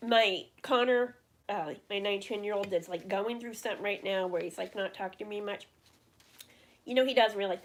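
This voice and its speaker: Speaking at a medium pitch, this middle-aged livestream host chats casually while answering her viewers. She tends to ramble, restarting sentences and leaning on fillers as she opens up about how she feels.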